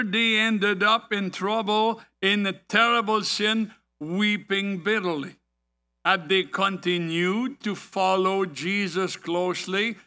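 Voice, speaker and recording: A man preaching a sermon, deliberate and full of rhetorical questions and anecdotes. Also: high voice, pushed and bright, clear, resonant tone.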